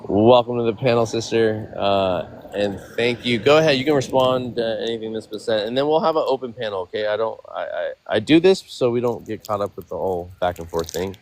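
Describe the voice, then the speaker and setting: A man's voice: on the low side, fairly quick, few pauses, a little mellow, slight background noise. A man moderating a live online panel discussion, easygoing, with many repeated phrases. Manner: easygoing, repeats phrases, calls people brother. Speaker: panel host.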